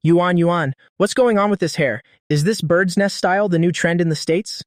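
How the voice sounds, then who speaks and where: A cool, domineering young woman president teases and commands, as a man reads her lines. Her voice is his own somewhat high one, barely changed. The sound is dry and close. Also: normal speed, dry recording, natural voice. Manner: cool, indulgent, teasing.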